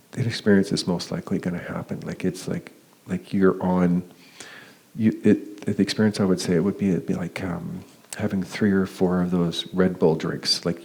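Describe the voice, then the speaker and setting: A man giving a talk. He tells a personal story, often pausing with fillers and restarting his sentences. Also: vocal fry, darkish tone. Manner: hesitant, many fillers and restarts; acts out quoted dialogue with raised pitch. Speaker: conference speaker. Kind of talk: personal story told as a lecture.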